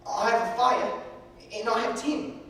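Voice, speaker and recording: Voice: medium pitch, fairly even intonation, a bit bright, a little hiss or hum, natural voice. A performer playing an eager little orphan boy. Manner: quick, stammering, polite stage acting. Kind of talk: stage recital acting. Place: large theatre stage. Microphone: distant room mic. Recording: echoey hall from far off.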